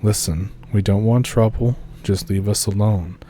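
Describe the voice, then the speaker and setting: Guy doing a scared young dude issuing a warning, low and urgent, storybook horror. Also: steady tone, normal speed, warm tone, a little hiss or hum, natural voice. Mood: tense.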